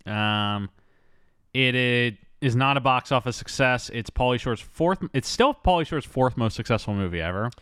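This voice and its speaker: A young man in his twenties co-hosting a casual movie podcast, chatty and quick with asides. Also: mid-range voice, expressive, fairly bright tone, smooth, no echo, clean studio sound. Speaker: podcast co-host.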